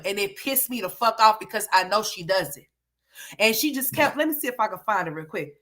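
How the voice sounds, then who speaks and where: A woman's voice: medium pitch, animated, a little fast, fairly bright tone. A woman giving livestream commentary, ranting bluntly with lots of profanity.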